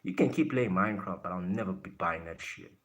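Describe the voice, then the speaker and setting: A man's voice: low voice, brisk, a bit bright. A man from South Africa hosting a live stream, casually answering his chat in a blunt way and laughing often.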